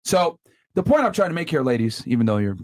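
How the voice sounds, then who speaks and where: A man's voice: a little high, very animated, fast. A man hosting a podcast, bluntly lecturing and talking over his guests in a debate. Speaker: podcast host. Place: podcast studio.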